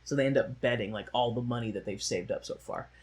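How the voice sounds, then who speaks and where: A man's voice: mid-range voice, quick pace, a crowd in the background. A man co-hosting a podcast, recapping a musical in rambling, jokey casual chat with the odd mocking put-on voice. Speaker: podcast co-host.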